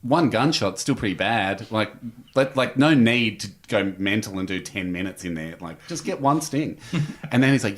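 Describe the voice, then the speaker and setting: An Australian man telling a story as a podcast guest, lively, with big pitch jumps when he acts out quotes. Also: moderate pace. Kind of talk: animated storytelling.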